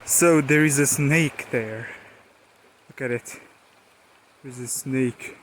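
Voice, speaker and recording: A man's voice: medium pitch, takes it slowly, a bit bright, slight background noise. A young man with an Eastern European accent vlogging outdoors in woods by a pond, rambling and letting out playful exclamations and yelps while filming on a handheld camera. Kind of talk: casual outdoor vlog narration.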